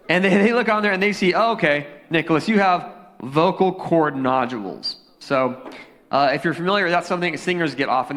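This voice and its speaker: A young male youth pastor tells a story from the pulpit in a relaxed, joking sermon, his voice sitting a little high for a man. He talks into a handheld microphone, and the sound rings with long reverb through the church sanctuary. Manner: casual storytelling, animated and joking.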